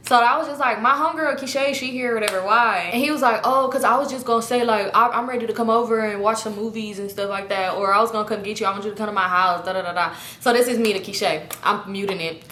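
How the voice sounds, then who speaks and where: A woman's voice: medium pitch, fast talker, pushed and bright, slight background noise. A young woman telling a casual story to her viewers, acting out the quotes in other voices and swearing freely. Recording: echoey room.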